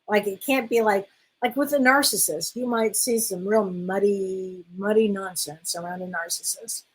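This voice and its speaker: A woman's voice: medium pitch, normal speed, slightly rough, low-quality recording. A middle-aged woman, a spiritual medium, hosts a casual live-stream question session, reading viewers' comments aloud and calling them honey. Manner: warm, affectionate, calls viewers honey, reads out comments.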